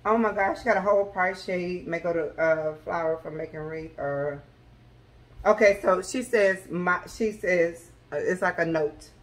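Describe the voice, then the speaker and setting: A woman vlogger, chatting excitedly to her viewers from her home kitchen. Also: on the low side, moderate pace. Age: adult with school-age children. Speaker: vlogger sharing a grocery haul. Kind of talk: casual chat to camera.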